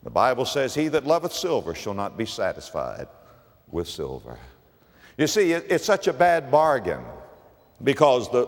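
Older male preacher, dramatic pulpit delivery, wide lively pitch swings, recorded with long church-hall reverb. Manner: dramatic preaching, rising to emphatic peaks and dropping low. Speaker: pastor. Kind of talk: sermon.

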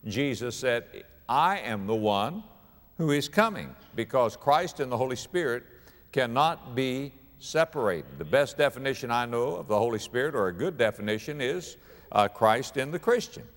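Older man, pastor preaching, lively swooping pitch, drawn-out emphatic words, long hall reverb. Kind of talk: sermon.

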